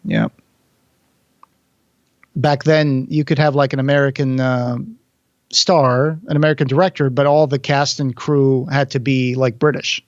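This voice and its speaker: A man's voice: mid-range voice, little pitch movement, measured pace, dry recording. Man, podcast co-host, casual movie commentary, joking, dry close sound, slightly muffled. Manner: chatty, joking, reads quotes in an announcer voice. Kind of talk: casual film commentary chat.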